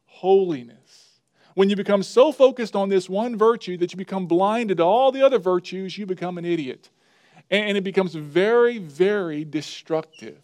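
A man's voice: sits high, darkish tone, no echo, clean studio sound. A male pastor, preaching emphatically and telling a folksy parable. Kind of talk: sermon.

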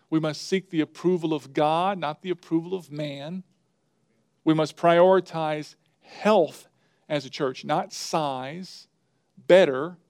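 Pastor guy preaching hard, kinda high voice, dry close sound. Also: a little mellow, smooth, dry recording. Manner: emphatic preaching with a folksy parable, plays characters briefly. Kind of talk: sermon.

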